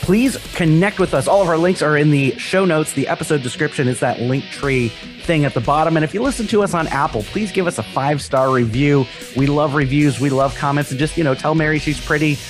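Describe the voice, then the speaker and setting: A man's voice: fairly high pitch, fairly quick, faint music behind. A man hosting a casual comedic podcast, rambling and self-mocking as he tells a story, often laughing. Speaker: podcast host.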